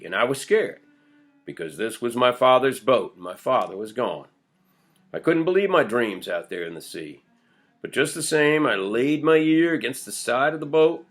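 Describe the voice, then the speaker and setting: A man's voice: mid-range voice, a bit bright, natural voice. A man reading an old villager's first-person tale of his boyhood, told in earnest storytelling. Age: older. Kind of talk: audiobook character voice.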